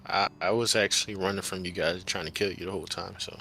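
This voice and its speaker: A man playing a tabletop game who talks in a casual, halting, joking way. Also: deep voice, fairly even intonation, gravelly, pushed and bright, slight background noise. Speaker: player. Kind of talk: casual tabletop role-play.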